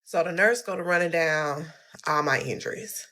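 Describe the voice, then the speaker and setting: Low-voiced young woman telling a storytime. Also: normal speed. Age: young adult. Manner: animated, addresses viewers as y'all, quotes people in a higher voice. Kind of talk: casual storytime.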